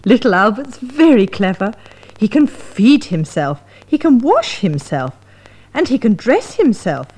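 A woman's voice: a little high, sing-song, measured pace, darkish tone, husky, full character voice. An actress voicing a proud, chatty mother in a comic sketch for language learners.

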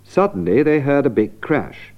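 A man narrating a scripted language lesson, clear and deliberate, restating ideas for emphasis. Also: medium pitch, big pitch swings, muffled recording. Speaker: narrator and presenter of an English lesson.

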